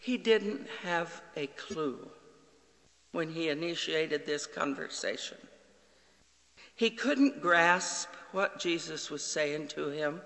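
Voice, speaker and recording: Male pastor, sermon delivery, bright slow voice with long reverb. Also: a little high, gravelly. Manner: slow, earnest preaching with quoted dialogue.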